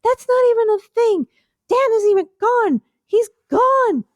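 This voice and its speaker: A woman voicing a high-pitched talking shoe that bickers and snaps insults. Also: expressive, dry recording. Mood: shrill, angry. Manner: shrill, bickering, quick to insult. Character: sultry high-voiced talking shoe, bossy and snappish.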